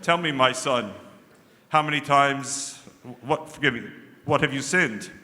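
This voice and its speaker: A man playing a quick-witted, friendly rabbi inside a joke. The rabbi speaks in a wry, matter-of-fact way. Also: medium pitch, pushed and bright. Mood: deadpan. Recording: echoey large hall with long reverb.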